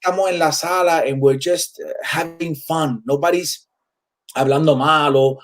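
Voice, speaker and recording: A man's voice: a little high, fairly even intonation, normal speed, soft background music. A man in his forties with a Puerto Rican accent, a comedian chatting casually as a guest and switching between two languages. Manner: switches freely between English and Spanish, many fillers. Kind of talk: casual interview chat.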